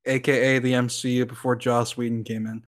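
Man, podcast co-host, casual chat, rambling, filler-heavy, average pitch. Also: flat delivery, fairly quick. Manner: rambling, lots of likes and ums, laughs often.

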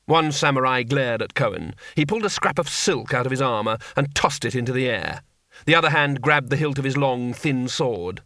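Reading scripted narration for an audiobook, a man tells the story expressively in a mid-range voice at a normal pace. It's studio-quality audio with no room sound.

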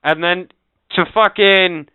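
A man's voice: high voice, slow, smooth, no room sound. A man co-hosting a casual podcast, telling a rant-filled story full of swearing and acting out the people he quotes. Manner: animated, swears constantly, acts out quoted people. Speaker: podcast co-host. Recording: tinny phone-like audio.

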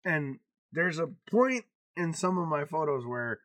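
A man's voice: fairly high pitch, very animated, a little slow, a bit bright, no echo, studio quality. A man in his forties co-hosting a podcast in casual chat, talking frankly and confessionally and swearing freely. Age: 40s. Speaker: podcast co-host.

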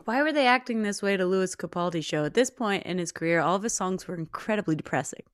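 A woman's voice: lowish voice, lively intonation, quick pace, dry recording, studio quality. A woman co-hosting a podcast who adds wry, sarcastic remarks in casual chat. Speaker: podcast co-host.

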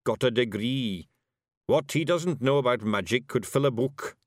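A man voicing a pompous, huffy male dwarf shopkeeper who blusters and talks loudly and indignantly. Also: medium pitch, moderate pace, dry recording, studio quality, close to an everyday voice.

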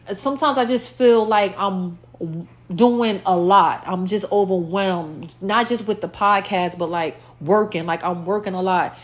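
Woman podcaster just chatting on her own, rambly, keeps repeating herself, bit of dry mouth. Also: medium pitch. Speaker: podcast host. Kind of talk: casual solo podcast chat.

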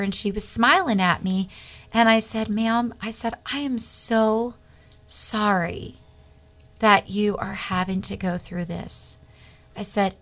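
A middle-aged woman speaks as a guest on a Christian talk show. Her voice is bright and forward, with the earnest, animated delivery of someone reliving a personal testimony. She acts out the dialogue of each person in the story. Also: mid-range voice.

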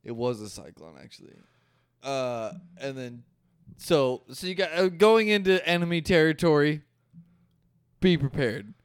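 A man's voice: on the high side, animated, a little slow, clear, resonant tone, no room sound, studio quality. A young man co-hosting a podcast in casual chat, laid-back, swearing freely and laughing things off. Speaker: podcast co-host.

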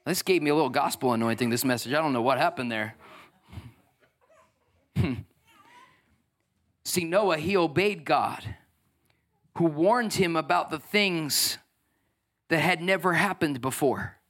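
A man in his thirties preaching a lively sermon as pastor, acting out voices and swinging from loud bursts to soft, tearful moments. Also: on the high side, unhurried, pauses often. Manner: energetic, acts out voices, swings from shouting to near tears.

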